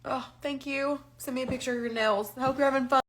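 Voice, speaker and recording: Speaking fairly quickly in a high voice with fairly even intonation, a woman holds back tears during casual live-stream talk. She is frank and emotional, and a phone or webcam captures her.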